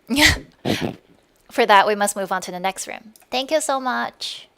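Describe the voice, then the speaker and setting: A woman's voice: on the high side, animated, measured pace, bright, forceful tone, clear, resonant tone. Cheerful woman moderating an online panel. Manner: friendly, laughs often, reads introductions. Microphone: video call.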